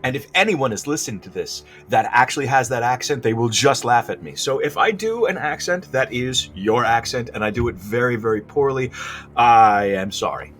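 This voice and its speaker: A man's voice: mid-range voice, expressive, moderate pace, fairly bright tone, faint music behind. A man giving casual, rambling gameplay commentary, self-deprecating and restarting his sentences often.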